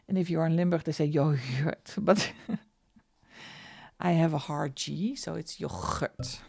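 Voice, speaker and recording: Slow-talking Dutch woman with a gravelly voice. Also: lowish voice, darkish tone. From Netherlands. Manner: chatty, laughs often, reads chat aloud. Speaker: live stream host. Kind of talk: casual chat while colouring.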